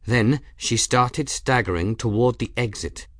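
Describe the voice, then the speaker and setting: A man reading a novel aloud as narrator, steady and measured. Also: mid-range voice, dry recording, studio quality. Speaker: audiobook narrator. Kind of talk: scripted narration.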